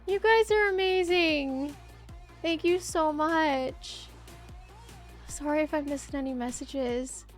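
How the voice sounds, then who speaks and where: A woman hosting a live stream before a tabletop game, chatting with her viewers in an excitable, giddy way, laughing and exclaiming often. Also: sits high, slow pace, soft background music.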